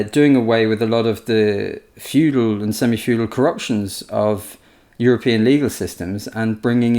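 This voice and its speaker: A man with a mid-range voice chats casually as a podcast co-host. He is a historian who talks things through loosely and brings anecdotes to life with lively impressions. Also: mid-range voice. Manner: chatty, storytelling, animated impressions.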